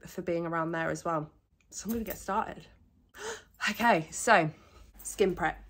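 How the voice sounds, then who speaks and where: A young British woman sharing competition tanning tips in a chatty, self-mocking talk to camera, a little out of breath. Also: on the low side. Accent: British English. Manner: chatty, self-mocking asides, quick laughs. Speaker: bodybuilding competitor and vlogger.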